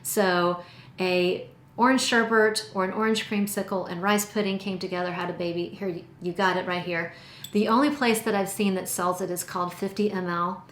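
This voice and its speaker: A woman's voice: mid-range voice, fairly even intonation, normal speed, fairly bright tone, slight background noise. A woman casually reviewing perfumes in a chatty, enthusiastic way, stretching out her descriptive words. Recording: roomy echo.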